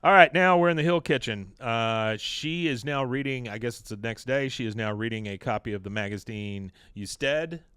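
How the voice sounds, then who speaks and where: A man hosting a podcast, recapping an episode in casual chat, animated, breaking into loud high-pitched quotes and laughing often. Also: moderate pace, few pauses, clean tone, no room sound, studio quality. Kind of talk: casual chat, retelling scenes.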